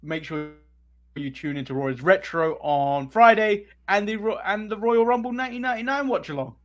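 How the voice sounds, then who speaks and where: A young man with an English accent chats casually as a show's co-host. His voice sits high and swings widely in pitch, and he keeps breaking into laughter. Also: normal speed. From England. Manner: animated, laughs often. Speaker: podcast co-host. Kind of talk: casual chat.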